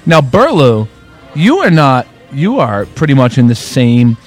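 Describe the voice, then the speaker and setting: A man's voice: mid-range voice, wildly swooping pitch, measured pace. Male podcast co-host, casual and rambling, faint bar music behind. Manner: rambling, many restarts and fillers. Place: bar at a resort, indoors.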